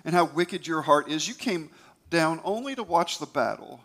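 A man's voice: a little high, lively intonation, moderate pace, a bit bright. A man doing a barking, jealous older brother. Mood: angry. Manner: barking, scolding.

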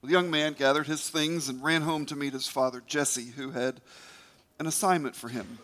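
A man's voice: fairly high pitch, fairly even intonation, moderate pace, fairly bright tone. A man retelling a scripture story with emphatic, dramatic phrasing and the odd stumble. His voice sits a touch above the usual for a man, and he leans into key words.

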